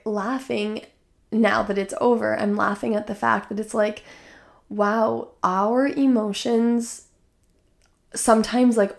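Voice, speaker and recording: A woman's voice: medium pitch, vocal fry. Chatty woman podcast host. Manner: chatty, many "like" fillers, laughs while telling. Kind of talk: casual personal storytelling.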